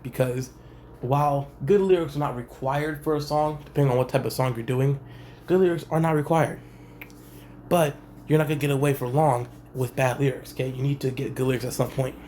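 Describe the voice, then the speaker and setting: A young man, a rapper, speaking in a laid-back, slangy way with a monotone delivery in a casual vlog. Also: mid-range voice, slight background noise. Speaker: rapper and channel host. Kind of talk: casual talking-head vlog.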